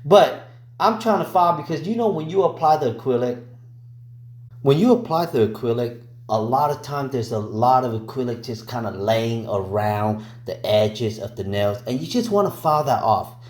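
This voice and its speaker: A man's voice: medium pitch, animated, normal speed, a little mellow, echoey room. A man talking through a nail tutorial in a casual, slangy way, often calling viewers y'all and cracking teasing jokes. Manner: joking, teasing asides. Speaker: nail technician teaching.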